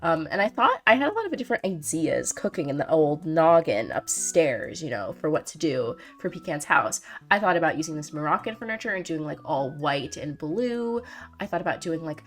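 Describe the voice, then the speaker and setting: A woman's voice: sits low, sing-song, fairly quick. A young woman hosting a gaming video, chatting casually and playfully, full of "like" and "um" as she rambles. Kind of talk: casual gameplay commentary.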